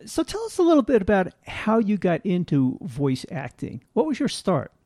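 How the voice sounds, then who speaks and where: A man's voice: high voice, huge pitch swings, moderate pace, mellow, no room sound, studio quality. An older man co-hosting an interview, asking short, friendly questions. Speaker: co-host.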